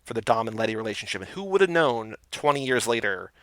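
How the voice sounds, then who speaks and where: An eager man co-hosts a podcast, walking through scenes and firing off questions. His voice is bright, and its pitch swings widely. The recording is dry and close to the microphone. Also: big pitch swings, quick pace, no echo. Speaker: podcast co-host. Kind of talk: casual chat.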